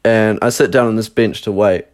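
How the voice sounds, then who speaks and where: A man's voice: lowish voice, fairly even intonation, normal speed. A young man casually telling a rambling personal story, full of fillers and swearing. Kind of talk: casual chat.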